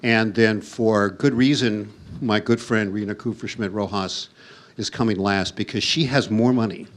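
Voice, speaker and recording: A man's voice: lowish voice, steady tone, normal speed. Wry, teasing male panel moderator. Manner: wry, teasing, loose and chatty. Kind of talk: joking conversational panel introduction. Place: university event room with audience.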